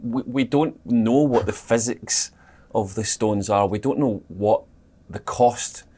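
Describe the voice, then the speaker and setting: A man's voice: on the low side, takes it slowly, warm tone, husky. A Scottish man, a guest actor, talking casually in a podcast interview, thoughtful and rambling, with many fillers and restarts. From Scotland.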